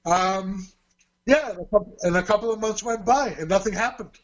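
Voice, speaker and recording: High-voiced man telling stories. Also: normal speed, dull audio. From Australia. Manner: chatty, with restarts and quoted dialogue. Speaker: martial arts teacher and fight promoter. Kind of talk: interview storytelling.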